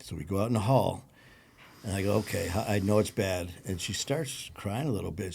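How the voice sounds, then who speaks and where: A man with a Detroit accent, a podcast guest recounting a personal story in a low-key, conversational way. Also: fairly even intonation, fairly quick, darkish tone, slight background noise. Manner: gravelly, low-key storytelling with acted quotes.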